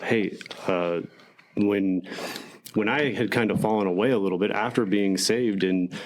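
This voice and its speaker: A man's voice: fairly low pitch, normal speed. A man co-hosting a podcast, telling a story in a rambling casual way with lots of fillers. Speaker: podcast co-host. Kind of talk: casual chat.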